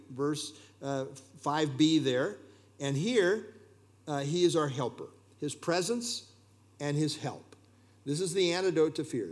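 Brief: man preaching, emphatic, repeats key lines, slightly high pitch. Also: animated, unhurried. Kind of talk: sermon.

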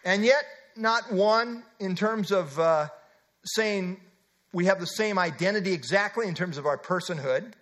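Brief: male preacher, high voice, emphatic sermon delivery with casual asides. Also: measured pace, fairly bright tone. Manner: emphatic, with asides and filler words. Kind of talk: expository sermon.

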